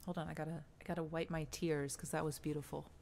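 A woman's voice: sits low, level tone, fast talker, vocal fry, darkish tone. A woman commenting playfully on a game she plays, singing and humming along and laughing often. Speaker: gamer streamer. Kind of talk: game play-through commentary.

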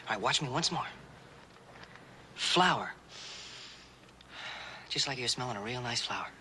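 An actor playing an earnest young cowboy who patiently teaches a deaf girl sign language, gently coaxing in a 1960s western TV drama. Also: mid-range voice, very fast. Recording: noisy vintage TV soundtrack.

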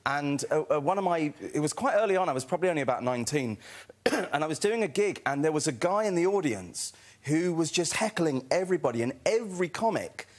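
A man from England, a comedian, telling an animated anecdote on a talk show and laughing as he goes. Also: fairly high pitch, fairly quick. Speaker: comedian guest.

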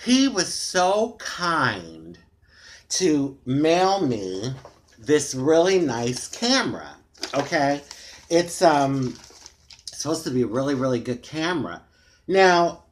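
A woman's voice: rumbling low, sing-song, takes it slowly, slight background noise. American woman rambling to her tablet cam at home, candid, lots of "you know"s. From United States. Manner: chatty, candid and frustrated, rambling with many fillers. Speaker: vlogger. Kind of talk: casual talk to camera. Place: dimly lit room at home. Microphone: tablet camera microphone.

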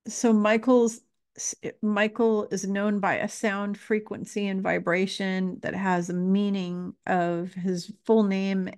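A woman giving an earnest, casual spiritual talk, repeating phrases and pausing with fillers as she grows emotional. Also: mid-range voice. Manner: earnest, emotional, pauses to collect herself. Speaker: spiritual teacher.

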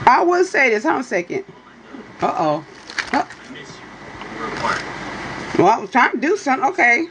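Brief: high-pitched woman hosting a chatty livestream, playful and teasing, with a faint hum behind her. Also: big pitch swings, moderate pace, long pauses. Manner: playful, teasing, keeps asking "you hear me?"; drawling, swoops into high exclamations. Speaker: livestream host reading for viewers. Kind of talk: casual livestream chat with viewers.

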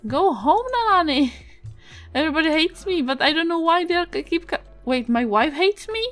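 A Czech-accented woman giving casual let's-play commentary, excitable, swearing and yelping at the game. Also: very high voice, moderate pace, soft background music. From Czech Republic. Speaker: gaming video creator.

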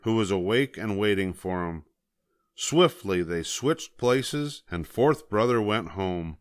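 An older man reading a picture book aloud in a measured, gentle storytelling manner. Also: on the low side, dry recording, studio quality. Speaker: storybook reader.

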